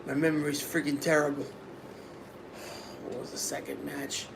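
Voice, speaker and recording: A man giving a casual video review of a wrestling show, excitable, repeating himself and bursting into exclamations. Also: fairly high pitch, normal speed, vocal fry, pauses often, a little hiss or hum.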